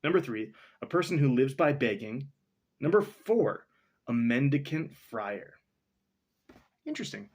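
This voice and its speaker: Husky young man reading a story casually. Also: medium pitch, sing-song, measured pace, pauses often. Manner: rambling, stops for asides and dictionary look-ups.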